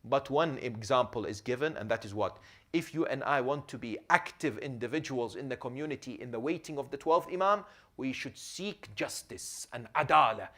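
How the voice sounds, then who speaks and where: A man giving a religious lecture in a mosque, telling a story with big swings between soft low asides and loud raised points, often checking in with "Yes?". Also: expressive, moderate pace. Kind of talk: sermon. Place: mosque hall.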